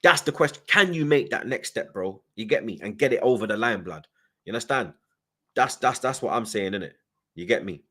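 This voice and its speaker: A man's voice: lowish voice, lively intonation, brisk, bright, forceful tone. Slang-heavy man ranting casually. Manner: slang-heavy, repetitive tags like "you get me". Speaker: football fan channel host. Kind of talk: casual live chat reading viewer comments.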